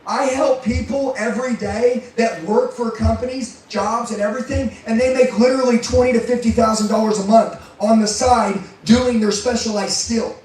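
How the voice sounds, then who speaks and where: A man's voice: extremely high pitch, steady tone, normal speed, few pauses, darkish tone, faint music behind. A man giving an intense, profane motivational speech to a live audience, firing rhetorical questions at the crowd. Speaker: motivational speaker and sales trainer. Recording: very echoey room, mic far off.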